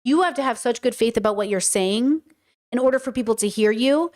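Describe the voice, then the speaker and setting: A young adult woman hosting a podcast, talking in an animated, casual monologue that swears freely and mimics people in quick asides. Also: on the high side. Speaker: podcast host.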